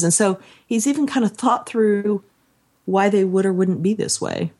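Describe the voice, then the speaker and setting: A woman's voice: mid-range voice, normal speed, darkish tone. A woman co-hosting a podcast, telling a story in a casual chat and acting out the quotes she tells. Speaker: podcast co-host.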